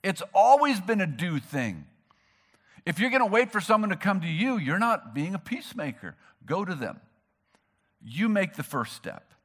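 Guy preaching a sermon, kinda high voice, gets real animated and punchy. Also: moderate pace. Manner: animated preacher, acting out quoted figures, rising to emphatic peaks. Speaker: pastor.

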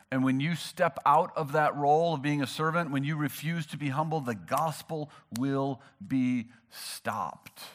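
A man preaching a sermon, animated and emphatic, acting out the people he quotes. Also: mid-range voice. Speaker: pastor.

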